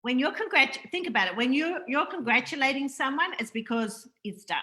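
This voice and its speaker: Bright-voiced Australian woman host. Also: high voice, animated, fairly quick, rough recording. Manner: earnest, effusive, many fillers. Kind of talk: spiritual interview chat.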